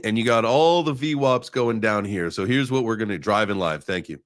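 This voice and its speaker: This man hosts a live crypto stream and talks in a loose, joking way, full of sarcasm and fillers. His voice sits a little low for a man. He calls out viewers by name between chart readings. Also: moderate pace. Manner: rambling with many fillers while reading charts. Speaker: crypto livestream host. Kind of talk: casual live market chat.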